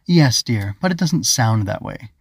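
A man's voice: medium pitch, lively intonation, measured pace, husky, no echo. Man doing a prim, fussy little bug creature. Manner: formal and proper, calls others dear.

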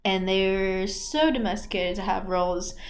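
A woman's voice: medium pitch, normal speed. A young woman hosting a podcast, rambling in a laid-back, slangy way with lots of fillers. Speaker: podcast host. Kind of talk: casual rambling monologue.

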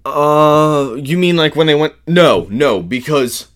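A man hosting a casual true-crime podcast, telling the case in a loose, animated way and swearing freely. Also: fairly high pitch, takes it slowly. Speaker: podcast host.

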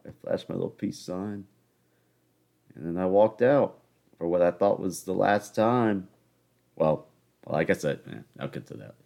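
Deep, creaky and mellow, this young man's voice keeps a measured pace with frequent pauses. He's a podcast host talking alone, wandering through anecdotes in a loose, jokey way and cutting himself off mid-thought.

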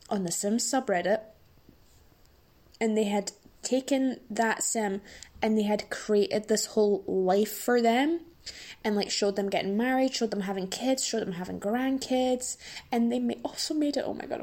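A woman's voice: mid-range voice, a little mellow. A sleep-deprived woman in her twenties hosting a solo podcast, rambling through a casual rant with dramatic, self-mocking asides. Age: 20s. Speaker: podcast host.

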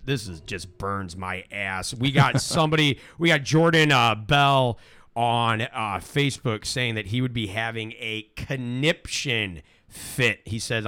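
A man's voice: medium pitch, fairly bright tone, clear, resonant tone. A man hosting a radio show, chatting loosely and sarcastically and swearing now and then. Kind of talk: casual radio banter.

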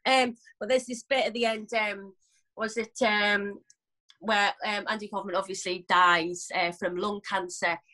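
A woman chatting casually, rambling through an animated retelling. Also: mid-range voice, measured pace, low-quality recording. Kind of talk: casual chat.

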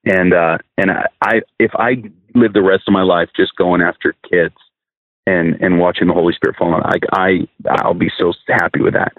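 A man's voice: sits low, steady tone, normal speed, no echo. A man, a minister, earnestly telling a testimony as a podcast guest, often restarting and repeating words. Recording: dry, phone-like narrow sound.

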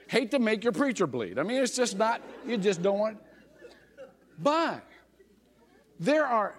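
A middle-aged man, a pastor, preaching a sermon by telling a personal story, animated and chuckling often, with frequent restarts. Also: high voice, a little slow, long pauses. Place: church sanctuary. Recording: long reverb of a church hall.

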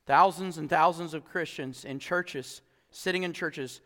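A male pastor preaching an animated sermon, acting out voices and laughing often. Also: a little high, measured pace, in a large hall.

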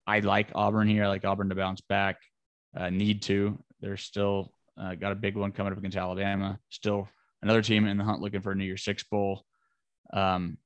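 A man co-hosting a casual sports podcast, talking through game picks in a relaxed way with lots of fillers and restarts. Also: deep voice, no echo. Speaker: podcast co-host. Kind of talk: casual sports betting chat.

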